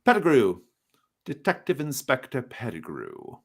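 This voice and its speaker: A man voicing a nebbishy, pompous little male detective inspector, lecturing in a lively, high voice. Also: measured pace, slightly rough, exaggerated voice.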